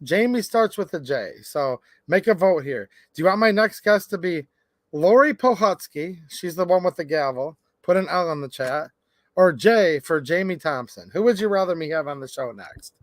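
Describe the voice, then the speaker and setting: Male livestream host, high voice, dry close sound, animated chatty delivery. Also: moderate pace, no echo. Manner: animated, chatty, reads viewer comments aloud. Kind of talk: casual livestream chat.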